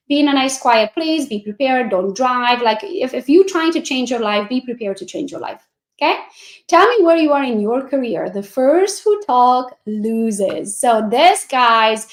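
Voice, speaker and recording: A high-pitched woman coaching real estate agents, talking fast and nonstop. She acts out sales calls in a bubbly voice. The sound is roomy and echoey. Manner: fast, animated, talks a lot. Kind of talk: coaching presentation.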